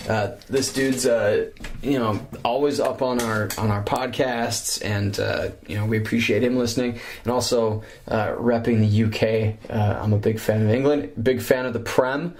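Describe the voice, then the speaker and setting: A man's voice: fairly even intonation, moderate pace. A man co-hosting a casual podcast, joking around and sometimes slipping into silly voices. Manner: jokey, breaks into silly high voices and impressions. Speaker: podcast co-host. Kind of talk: casual chat.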